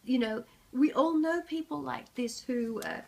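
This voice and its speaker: Psychic lady doing a casual reading, earnest, gravelly voice. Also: high voice, measured pace, darkish tone. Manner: earnest, reflective, laughs between thoughts. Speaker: psychic reader.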